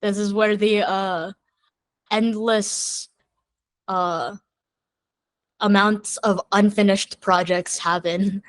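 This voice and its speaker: A woman songwriter speaks as a guest in a candid, chatty conversation. Her speech is slow and unhurried, and she thinks aloud as she goes. The recording sounds close and dry. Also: mid-range voice, steady tone, no room sound.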